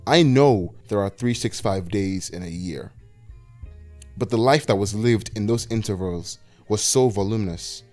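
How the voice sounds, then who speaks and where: A man's voice: fairly low pitch, unhurried, a little mellow, soft background music. A 21-year-old man narrating a scripted video essay with wry, self-deprecating, anxious rambling.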